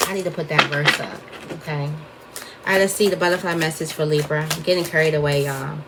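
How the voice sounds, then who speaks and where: A woman's voice: deep voice, fairly even intonation, fast, background noise. A woman giving a casual tarot reading, chatty and wandering off topic as she talks to her viewers. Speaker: tarot reader.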